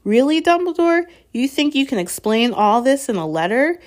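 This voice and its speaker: A woman's voice: high voice, big pitch swings, moderate pace, voice pushed up. A woman voicing a fretful stern old witch. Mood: indignant. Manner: trembling, pleading, anxious. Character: stern older female witch professor, fretful.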